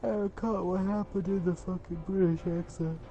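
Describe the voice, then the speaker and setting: A man's voice: high voice, fairly even intonation, moderate pace, mellow, dull audio. A man chatting casually over gameplay, crude and teasing, rambling through his points. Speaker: gamer.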